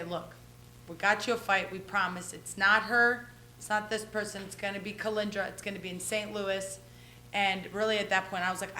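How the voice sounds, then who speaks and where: A woman fighter telling her story in a candid interview, chatty and animated, acting out old conversations and asking "right?" again and again. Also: medium pitch. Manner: chatty, animated, acts out past dialogue, frequent "right?". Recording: echoey room with faint hum.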